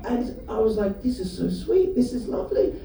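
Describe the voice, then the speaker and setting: A high-pitched man from the UK works a comedy club crowd, telling stories in a chatty way and firing off quick asides to the audience. His tone is dark and mellow. He sounds roomy and a bit distant, as if picked up by a mic away from the stage. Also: big pitch swings, vocal fry. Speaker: stand-up comedian. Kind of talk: stand-up comedy set with crowd work. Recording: roomy live venue, mic heard from a distance. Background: audience laughter.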